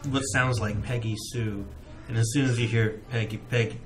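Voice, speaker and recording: A man's voice: medium pitch, steady tone, normal speed, faint music behind. A man narrating as game master in a tabletop game, talking in a casual, joking way with lots of fillers.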